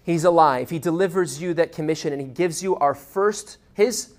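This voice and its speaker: A man preaching a sermon as a pastor, animated, getting loud and quick when he tells a story, with restarts. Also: on the high side. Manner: animated, grows loud and fast in stories, with restarts.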